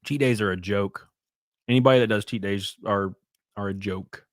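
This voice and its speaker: Hosting a casual livestream, a man with a fairly low voice talks bluntly and profanely at a moderate pace, rambling while he reads chat donations aloud and responds to them. The sound is clean, studio-like, and echo-free.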